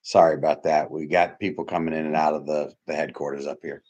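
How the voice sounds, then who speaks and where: A middle-aged man preaching a sermon in a church hall, blunt and emphatic, with sudden loud high bursts. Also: flat delivery, fast, breathy edge, highs cut off. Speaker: pastor. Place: church hall with doors opening.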